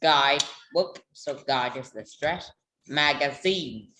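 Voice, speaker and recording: An English student on a video call, reading words aloud haltingly and naming the stressed part of each word. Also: mid-range voice, background noise. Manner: hesitant, halting learner English.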